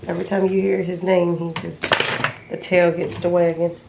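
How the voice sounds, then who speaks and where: A woman's voice: on the low side, little pitch movement, moderate pace, vocal fry, background noise. A young woman from Florida, chatting casually to viewers in a vlog, rambling and calling them y'all. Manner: chatty, rambling, addresses viewers as y'all, baby-talks to her dog. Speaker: vlogger. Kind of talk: casual vlog chat to camera. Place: home, then inside a parked car.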